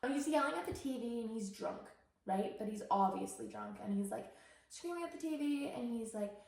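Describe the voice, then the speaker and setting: A woman's voice: a little high, normal speed, creaky. A young woman from Canada, co-hosting a podcast and telling a story in a casual, rambling way with lots of fillers. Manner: rambling, many fillers, animated retelling. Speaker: podcast co-host. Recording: very echoey room.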